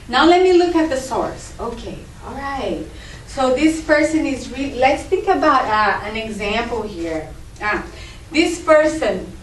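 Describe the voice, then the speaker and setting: High-voiced woman giving a group talk. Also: a little hiss or hum. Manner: conversational, explains through acted examples. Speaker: speaker at a spiritist group. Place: meeting room. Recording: roomy echo, distant mic.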